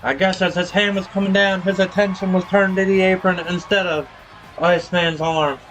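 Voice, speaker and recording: A man's voice: sits high, steady tone, moderate pace, fairly bright tone, soft background music. A man streaming a wrestling video game, calling the action play-by-play with casual slang. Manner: casual, hypes viewers with slang.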